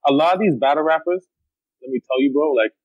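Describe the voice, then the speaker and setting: A man's voice: a little high, fast, no echo, phone-quality sound. A young man with a Toronto accent, a battle rapper talking bluntly and streetwise in a casual interview. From Canada. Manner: streetwise, blunt, frequent slang and "you know what I mean".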